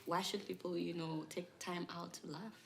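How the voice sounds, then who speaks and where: A woman hosting a talk show interview, teasing her guest in a quick-witted way. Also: lowish voice, fairly even intonation, gravelly, a little hiss or hum. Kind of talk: casual interview chat.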